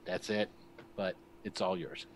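Game master, male, gravelly tone, loose rambling narration. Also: fairly low pitch, big pitch swings, measured pace, slight background noise. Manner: rambling, laughs often.

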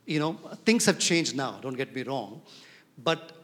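A man preaching a sermon as pastor, animated and often asking his congregation questions. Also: mid-range voice, unhurried. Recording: reverberant hall.

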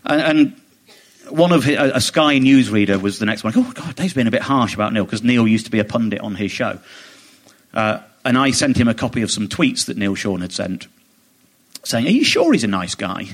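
A man, a comedian guest on a chat podcast, telling an animated, indignant story and mimicking other people as he goes. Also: fairly low pitch, moderate pace. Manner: animated, indignant, quotes others in mock voices.

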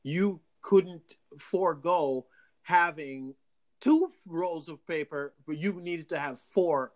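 A man chatting casually as a co-host, rambling and animated with frequent restarts, from Long Island. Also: a little high, takes it slowly. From Long Island, New York. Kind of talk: casual chat.

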